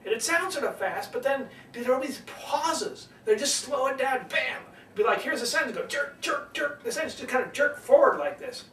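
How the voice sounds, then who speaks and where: A man coaching public speaking, swinging between loud and soft delivery to demonstrate, in an echoey room away from the mic. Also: extremely high pitch, animated, moderate pace, hardly any pauses, recorded from a distance, a little hiss or hum. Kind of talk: teaching lesson.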